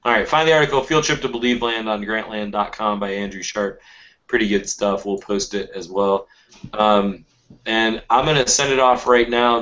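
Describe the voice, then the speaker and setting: A man co-hosting a sports podcast, casually steering the talk toward the next segment. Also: fairly low pitch. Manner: relaxed, loosely steering the show. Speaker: podcast co-host. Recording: dull lo-fi podcast audio.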